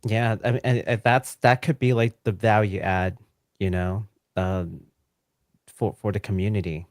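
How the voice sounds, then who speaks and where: A man co-hosting a gaming podcast, laid-back and quick to laugh in casual chat. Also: on the low side, fairly even intonation, no echo, studio quality. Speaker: podcast co-host.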